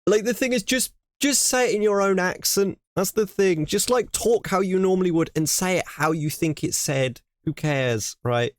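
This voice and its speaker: A man's voice: high voice, normal speed, few pauses, no room sound, clean studio sound. An English man reacting to a video on his stream, ranting animatedly and repeating himself in casual chat.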